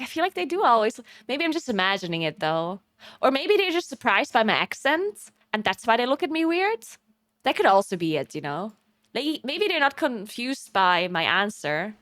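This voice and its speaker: A woman's voice: a little high, normal speed, no room sound, clean studio sound. A young woman from Italy, a streamer, chatting casually with viewers and telling stories with a lot of laughter. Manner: animated storytelling, laughs often.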